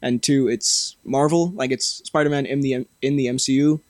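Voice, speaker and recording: A man's voice: mid-range voice, fairly even intonation, fairly quick, a little mellow, no echo. A young man hosting a podcast, chatting casually, laughing often and restarting sentences. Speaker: podcast host. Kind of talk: casual chat.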